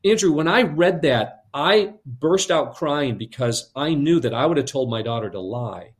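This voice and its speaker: A man telling a story on an interview show, lively, often repeating words as he goes. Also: fairly high pitch, normal speed. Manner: lively, repeats words, switches into character voices. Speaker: guest storyteller. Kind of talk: animated spoken storytelling.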